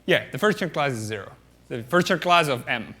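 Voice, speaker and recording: A man's voice: mid-range voice, lively intonation, a little fast, sharp tone. A man giving a mathematics lecture at a conference, explaining step by step with many fillers and often checking the audience with "okay?".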